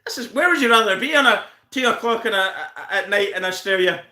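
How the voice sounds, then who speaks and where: Northern irish guy on a live stream, high voice, cursing and laughing while he roasts people in the chat. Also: expressive, fairly quick, pushed and bright, roomy sound. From Northern Ireland. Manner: laughs constantly, swears, teases viewers by name. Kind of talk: casual live stream banter.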